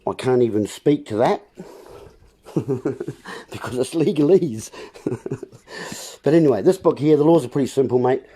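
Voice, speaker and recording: A man's voice: medium pitch, unhurried, long pauses, dark tone, breathy edge. A man hosting a livestream, talking in a meandering way full of wordplay and calling his listeners folks. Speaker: livestream host. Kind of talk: rambling livestream monologue.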